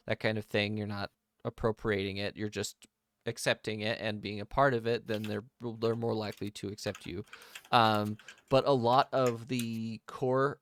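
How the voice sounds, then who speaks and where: A man as game master, narrating and explaining a tabletop game world in a relaxed way with many pauses. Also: fairly low pitch, clear, resonant tone, dry recording, studio quality.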